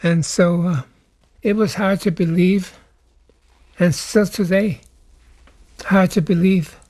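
An older man from the United States answers interview questions in a soft-spoken, halting way, often repeating words as he thinks. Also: sits high, steady tone, dry recording. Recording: faint music underneath.

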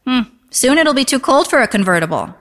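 A woman putting on a showy, breathy mother. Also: high-pitched, sing-song, brisk, a bit bright, in a large hall, voice pushed up. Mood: showy teasing. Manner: theatrical, breathy, attention-seeking. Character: flamboyant flirty single mother, middle-aged woman.

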